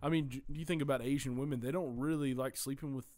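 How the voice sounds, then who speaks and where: A man's voice: medium pitch, steady tone, fast, a little mellow. A man co-hosting a casual podcast, rambling and laughing in loose banter. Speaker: podcast co-host. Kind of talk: casual chat.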